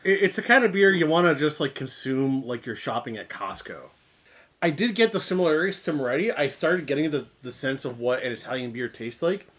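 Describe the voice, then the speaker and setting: A man from Canada co-hosting a casual beer review, jokey and animated, with exaggerated reactions to what he tastes. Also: a little high, brisk. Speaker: co-host of a beer review show. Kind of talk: casual chat.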